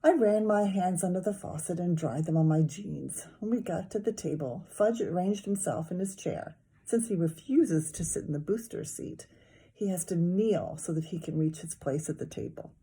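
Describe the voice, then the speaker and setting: Warm, breathy woman reading a story aloud. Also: fairly low pitch, moderate pace. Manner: lively, expressive storytelling. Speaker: teacher. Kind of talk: reading a children's novel aloud.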